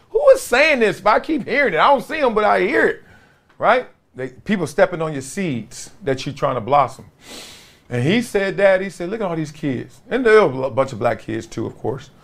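Animated slangy man preaching life advice. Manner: animated, swings between loud and low. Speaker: podcast host. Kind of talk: casual monologue.

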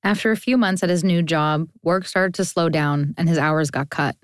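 A woman reading scripted narration about her father in a calm, measured way. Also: sits low, clean tone, no room sound, clean studio sound. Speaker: narrator, speaker's daughter.

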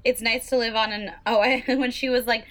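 A woman's voice: a little high, fairly even intonation, a little fast, a bit bright. Giggly chatty young woman. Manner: giggly, chatty, lots of "like" and laughs. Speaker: podcast co-host, teacher. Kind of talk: casual chat.

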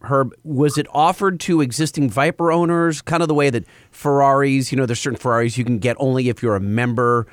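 A man's voice: medium pitch, fairly even intonation, brisk, hardly any pauses, dry recording, clean studio sound. A male host asking curious follow-up questions in a casual chat.

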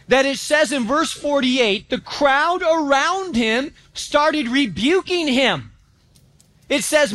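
A pastor preaching a sermon in a church, telling stories with animation and acting out quotes. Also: male voice, extremely high pitch. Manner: animated storytelling, acts out quotes.

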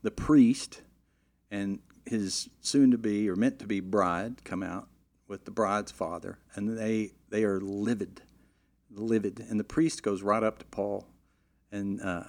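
A middle-aged man telling a long, animated anecdote in a casual way, with frequent "you know" fillers and restarts. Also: lowish voice, slow pace. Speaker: storyteller.

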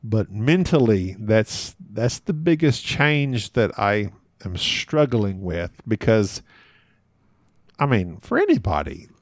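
Podcast guest, male, animated storyteller, frequent laughs, self-deprecating, dry close sound. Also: on the low side, slow pace, no room sound. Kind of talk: casual conversational storytelling.

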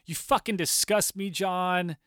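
A man quoting an exasperated woman scolding her drunk partner, swearing in a shrill voice. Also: steady tone, a little slow, a bit bright, no room sound, clean studio sound.

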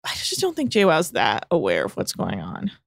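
A woman's voice: deep voice, wildly swooping pitch, moderate pace, creaky. A woman co-hosting a casual podcast, recapping a reality show in a chatty, sarcastic way with plenty of filler words. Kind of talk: casual chat.

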